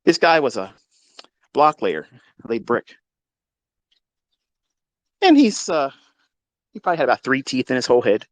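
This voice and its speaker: A man hosting a live audio chat, telling a long story in a profane, mocking, animated way. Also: mid-range voice, a little slow, long pauses, dry recording. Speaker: Twitter Space host. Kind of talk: casual storytelling rant. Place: lives in Maryland.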